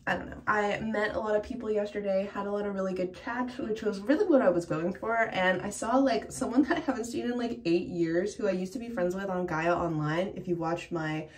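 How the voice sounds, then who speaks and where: A woman's voice: mid-range voice, brisk, few pauses. A woman in her thirties, a self-employed illustrator, talking candidly to the camera in a casual vlog, with lots of "like" fillers and small laughs.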